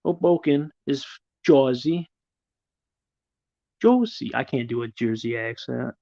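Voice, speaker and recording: Brief: middle-aged male stream host, gravelly and rough, swears freely, rambles off viewer comments, dry muffled audio. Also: medium pitch, moderate pace, a little mellow, dry recording. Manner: rambling and profane. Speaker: livestream host. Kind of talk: casual live chat, answering viewers.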